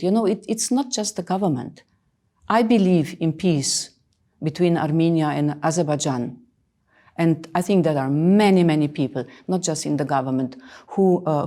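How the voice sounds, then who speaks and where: A woman in her sixties answering interview questions earnestly, emphatic and often pausing with fillers. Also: lowish voice, dark tone. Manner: emphatic, hesitant with many fillers. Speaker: interviewed official.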